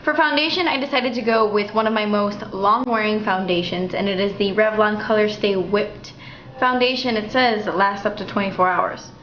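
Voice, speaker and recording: A young woman walking through a makeup tutorial in a chatty, relaxed way at home. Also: mid-range voice, moderate pace, few pauses, a little hiss or hum. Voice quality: chatty, relaxed, thinking aloud. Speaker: beauty vlogger. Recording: dull, slightly roomy home recording.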